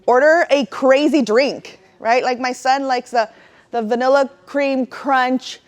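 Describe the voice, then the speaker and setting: A woman's voice: high voice, steady tone, measured pace. A middle-aged woman giving a casual, heartfelt talk to parents, full of "right?" and emotional asides.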